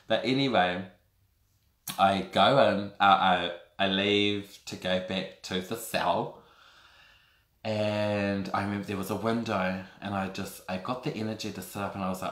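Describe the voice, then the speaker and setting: A man's voice: fairly low pitch, a little slow. A man, telling a personal story to camera in a camp, theatrical way. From New Zealand. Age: 30s. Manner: animated, camp and theatrical, calls the audience girl and darlings. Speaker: vlogger. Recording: echoey room.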